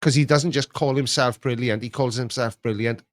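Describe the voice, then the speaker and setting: Male host, casual and mocking, medium pitch, dry mic. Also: normal speed, no echo. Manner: rambling, mocking and animated. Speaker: host reacting to viewer comments. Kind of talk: casual chat.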